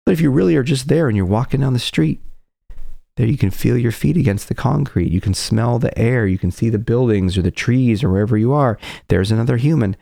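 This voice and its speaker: A man's voice: lowish voice, gravelly, darkish tone, no room sound, studio quality. A man giving an earnest motivational talk as a confidence coach, often acting out people's inner voices.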